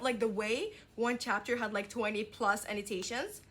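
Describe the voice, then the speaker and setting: A woman whose first language is Arabic talks casually to her viewers about her reading. Her voice sits at a middle pitch. She is chatty and excitable, and her talk is full of fillers. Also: normal speed, hardly any pauses, a little hiss or hum. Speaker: book vlogger. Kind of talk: casual reading vlog chat.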